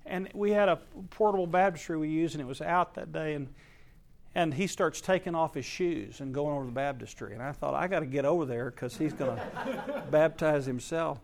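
A male pastor, preaching earnestly in story form, his voice swelling to emphatic peaks and dropping low and soft. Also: moderate pace, creaky. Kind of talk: sermon storytelling.

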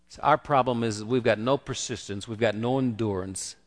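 A man's voice: mid-range voice, a little fast, few pauses, long reverb tail. A man preaching a conversational sermon and acting out the quoted voices. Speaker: pastor.

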